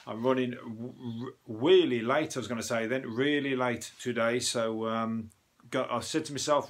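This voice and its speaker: A man's voice: medium pitch, steady tone, moderate pace. A man with a Birmingham accent hosting a comic news review, talking in a rambling, jokey way with frequent swearing. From Birmingham, England. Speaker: comedian host of a news review show. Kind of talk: casual comic monologue.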